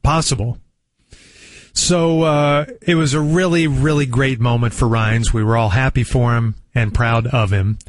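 A man hosting a radio talk show, talking in a relaxed, friendly way. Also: mid-range voice, unhurried, no echo. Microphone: studio microphone.

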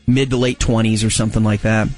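Male host in his forties, animated storyteller who acts out the voices. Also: fast, faint music behind. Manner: animated, acts out quotes with big pitch jumps. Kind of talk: casual storytelling chat.

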